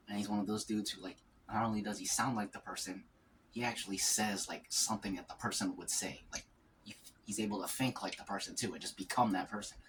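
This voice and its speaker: A man's voice: fairly low pitch, fairly bright tone. A man talking casually while eating on a mukbang vlog, musing aloud in a loose, rambling way. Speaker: mukbang vlogger. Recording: distant mic with faint ambient noise.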